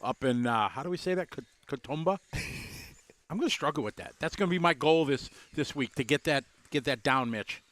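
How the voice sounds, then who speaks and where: A man's voice: mid-range voice, animated, normal speed, fairly bright tone, dry recording. A man commentating a radio-controlled car race in a loose, chatty way, greeting viewers by name. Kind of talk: casual live race commentary.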